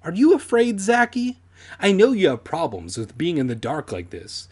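A mild, concerned middle-aged father, put on by a man, earnest and a little fussy. The voice sits higher than the reader's own and swings lively up and down. It belongs to a comedic read-aloud of a spooky children's storybook. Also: normal speed, breathy edge, full character voice.

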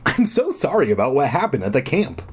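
A man voicing a polite, eager young fellow in a storybook reading, pitching up high. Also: huge pitch swings, brisk, slight background noise. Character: polite boy camp counselor, eager.

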